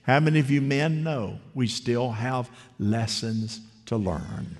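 A man's voice: medium pitch, a little slow, a little mellow. A man preaching a conversational, story-driven sermon who keeps asking the congregation questions. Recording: long hall reverb.

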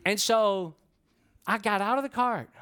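A middle-aged man preaching, telling an animated, self-deprecating story and asking the congregation questions. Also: high-pitched, a little slow, clear, resonant tone. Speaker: pastor. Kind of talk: storytelling sermon. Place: church before a congregation.

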